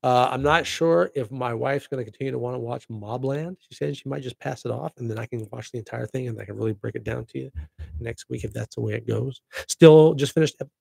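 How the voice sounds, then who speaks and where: A middle-aged man hosting his own show in casual chat, excitable and rambling with laughing asides. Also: medium pitch, a little fast, vocal fry, husky, no room sound. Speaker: podcast host.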